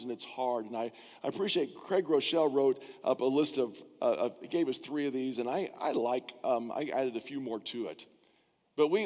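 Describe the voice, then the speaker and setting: An older man preaches a sermon in a church, his somewhat high voice trailing into a long hall reverb. He talks in a conversational way and slips into the voices of the people he quotes. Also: a little mellow. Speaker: pastor. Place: church sanctuary.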